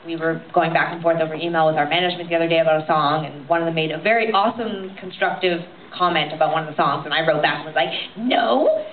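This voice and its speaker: A woman's voice: low-pitched, steady tone, very fast, hardly any pauses. Woman joking on stage, tinny and echoey. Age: young adult. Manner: joking, rambling storyteller. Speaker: musician answering audience questions. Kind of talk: casual on-stage chat. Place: large cinema, indoors. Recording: tinny, echoey audience tape with loud crowd.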